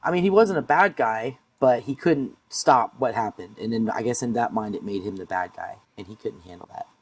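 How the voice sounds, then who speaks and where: A man co-hosting a podcast in casual chat, expressive and prone to laughing as he retells moments. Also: mid-range voice, brisk, breathy edge. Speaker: podcast co-host.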